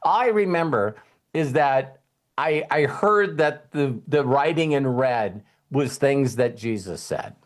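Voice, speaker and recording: A man coaching a client on faith, talking in a lively, repetitive way and laughing often. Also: mid-range voice, slow. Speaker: life coach. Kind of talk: spiritual coaching call.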